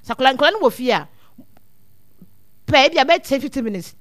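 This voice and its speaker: Guest expert, woman, high voice, dry close sound, earnest and repetitive. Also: lively intonation, fast, no room sound. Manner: earnest, repeats words as she thinks. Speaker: guest speaker on child welfare. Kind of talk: casual advice talk mixing two languages.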